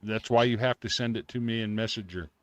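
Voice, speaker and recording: A man's voice: fairly low pitch, fairly even intonation, quick pace. A man co-hosting a podcast, giving dry, teasing remarks in casual chat. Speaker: podcast co-host.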